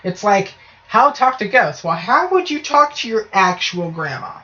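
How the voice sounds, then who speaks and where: A woman's voice: medium pitch, sing-song, moderate pace, sharp tone. A woman co-hosting a casual podcast, talking loosely and jokily with plenty of swearing and tag questions. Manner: swearing, loose and jokey, frequent "right?". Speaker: podcast co-host. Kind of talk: casual chat. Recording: dull lo-fi podcast audio.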